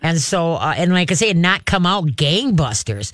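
Middle-aged male dog trainer, chatty and rambling, a touch high, dry. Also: very animated, moderate pace, fairly bright tone, no room sound. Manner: chatty, rambling, many "you know"s. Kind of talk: call-in advice.

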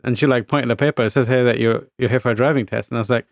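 A man's voice: mid-range voice, rapid-fire, few pauses, dry recording, clean studio sound. A man from the UK telling a story in a casual chat, acting out voices with lots of fillers and swearing. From United Kingdom. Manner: animated storyteller, acts out quoted voices, swears, frequent fillers. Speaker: podcast co-host telling a story.

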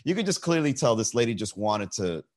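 A man with a mid-range voice tells a comic story on a casual stream. He rambles, circles back and swears often. He gets animated as he rants about audience complaints. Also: medium pitch, brisk. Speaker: stand-up comedian.

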